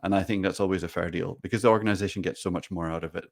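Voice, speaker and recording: Deep-voiced man giving relaxed advice. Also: racing, vocal fry. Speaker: podcast co-host. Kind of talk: casual conversation.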